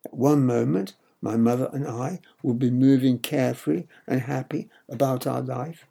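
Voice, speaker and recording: An older man narrating a memoir in a measured, wry way. His voice is gravelly and husky, with an even middle pitch. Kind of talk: audiobook memoir reading.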